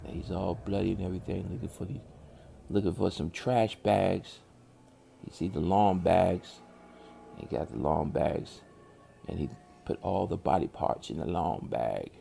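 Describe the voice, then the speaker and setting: A man's voice: deep voice, creaky, dark tone. A man casually narrating a horror story in a drawling, colloquial way with loose grammar.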